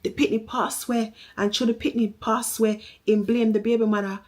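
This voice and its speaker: Lady putting on a fired-up jamaican auntie, pitched way up, accusing and heated. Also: level tone, a little fast, darkish tone, close to an everyday voice. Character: angry Jamaican aunt blurting out a family secret.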